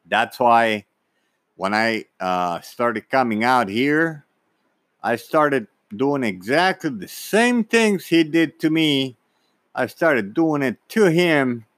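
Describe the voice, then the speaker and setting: Man telling a personal story, halting with repeated words, slow delivery, very lively pitch, dry sound. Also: dry recording. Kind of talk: personal anecdote, casual monologue.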